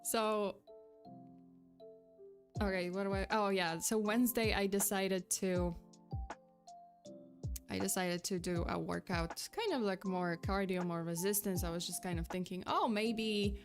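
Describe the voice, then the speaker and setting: A young woman tells a story on a livestream in a loose, rambling chat, full of fillers and restarts. She sounds slightly out of breath, and faint music plays softly behind her. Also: medium pitch, fairly even intonation, measured pace, long pauses. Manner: chatty, rambling, with frequent fillers and restarts, breaking off to thank chat. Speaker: VTuber streamer.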